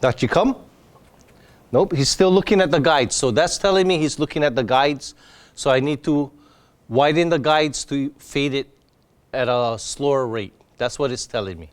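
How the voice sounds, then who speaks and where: A man demonstrating dog training, explaining each step in a patient, plain way while he works with his dog. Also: normal speed. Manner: bursts into high excited praise for the dog.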